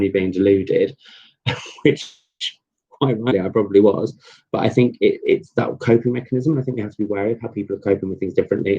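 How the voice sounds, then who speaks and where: A man's voice: on the low side, mellow. A young man hosting a casual live chat with viewers, rambling and chatty with lots of ums and restarts. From England. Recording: dull lo-fi live-stream audio.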